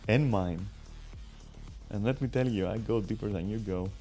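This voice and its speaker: A man's voice: on the low side, moderate pace. Swearing joking man narrating his game. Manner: crude, joking, swears a lot, talks to viewers. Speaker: streamer. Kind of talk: casual gaming commentary. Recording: faint game music behind. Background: game music.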